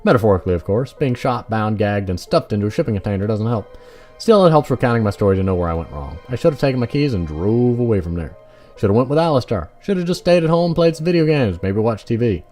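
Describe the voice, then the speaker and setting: A man's voice: fairly low pitch, sing-song, fast talker, darkish tone, faint music behind. A man voicing a sarcastic male protagonist who narrates his own story in a game. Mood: wry. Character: wary, sarcastic Irish-American man, stubborn.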